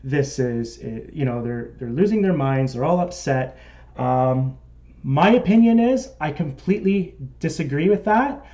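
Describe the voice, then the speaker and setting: A man's voice: on the high side, animated, measured pace, mellow, muffled recording. A man with a Canadian accent hosting a casual live stream, chatting and reading out viewer comments. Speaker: model railroad live-stream host.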